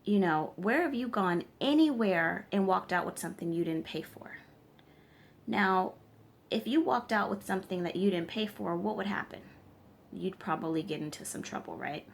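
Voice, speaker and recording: A woman tarot reader and spiritual practitioner speaks straight to camera in an advice vlog, her lowish voice showing vocal fry at a moderate pace. She lectures emphatically, frequently checking in with viewers.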